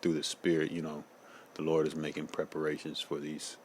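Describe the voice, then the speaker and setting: A man's voice: rumbling low, completely flat delivery, fairly quick, slight background noise. A man giving a casual personal testimony, slangy and loose, often saying "man" and "you know.".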